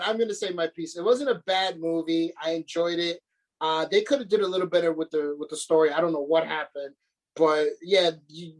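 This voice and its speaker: A podcast co-host in casual movie banter, excitable and profane, acting out the monsters' lines. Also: mid-range voice, poor audio.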